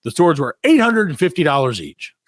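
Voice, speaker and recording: A middle-aged father co-hosting a podcast tells a comic story, swearing freely and acting out the people in it with quoted voices. His voice is fairly high and a little fast, in clean studio sound with no room echo.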